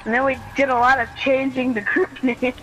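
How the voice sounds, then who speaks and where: A woman's voice: sits high, level tone, fairly quick, music in the background, rough recording. A woman streaming a video game, rambling through a story about chat messages and giggling often. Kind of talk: casual gaming stream chat.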